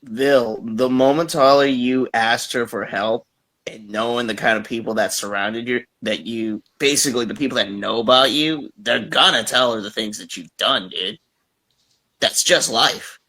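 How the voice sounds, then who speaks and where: A man's voice: mid-range voice, normal speed, pushed and bright. A man with a mid-range voice presses another guest with direct questions. His delivery is blunt and insistent. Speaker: panel participant.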